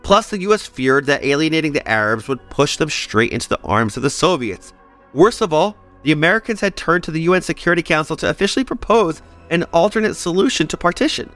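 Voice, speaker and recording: A man's voice: on the high side, animated, fast, fairly bright tone, soft background music. A man hosting a history podcast, reading scripted narration and breaking off for playful personal asides.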